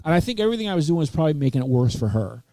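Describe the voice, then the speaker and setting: A man's voice: on the high side, big pitch swings, very fast, dark tone, dry recording. A man hosting a webcast, telling a long story in casual chat, full of fillers, restarts and asides. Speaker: webcast host. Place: Texas.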